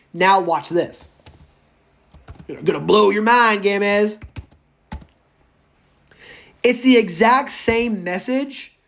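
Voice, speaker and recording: Chatty male public speaking teacher. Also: sits high. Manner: chatty and animated, addresses students by name; goes off on tangents. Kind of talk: live class lecture.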